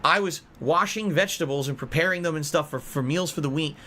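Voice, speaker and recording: A man's voice: fairly high pitch, a little fast, heavy background noise. A man hosting a podcast, ranting angrily about money, swearing and circling back to repeat his points. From United States. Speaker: podcast host. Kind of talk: heated podcast rant.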